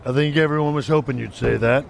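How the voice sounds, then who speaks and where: A man's voice: mid-range voice, steady tone, fast talker, gravelly, a little hiss or hum, close to an everyday voice. A man voicing a businesslike male wrestling coach in a video game, speaking in a firm, matter-of-fact way.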